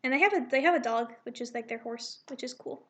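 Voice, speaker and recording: A woman's voice: a little high, fast talker. A woman casually reading through her draft comic aloud, voicing the characters and adding rambling, self-correcting asides.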